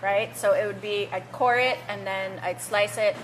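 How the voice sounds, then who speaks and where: A woman's voice: mid-range voice, fairly even intonation, moderate pace, poor audio. A woman hosting a food show, chatting casually and laughing easily in a diner. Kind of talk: casual chat. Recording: background music in a diner.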